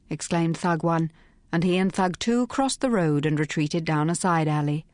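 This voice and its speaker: A woman with a lowish voice narrates a period mystery novel, brisk and crisp with a wry edge. The recording is close and dry, with no room sound. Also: darkish tone, dry recording. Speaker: audiobook narrator. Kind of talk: scripted narration.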